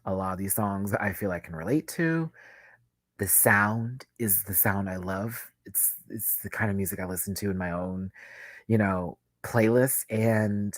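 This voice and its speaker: A man's voice: on the low side, a little slow, dry recording. A man giving a casual livestream album review, gushing and emotional, close to tears at times. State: tearful. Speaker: music reviewer.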